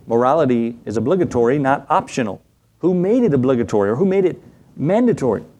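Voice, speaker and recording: A man's voice: mid-range voice, darkish tone. A middle-aged man, a pastor, teaching a sermon in a conversational way, asking the congregation for responses and acting out small skits in quoted voices.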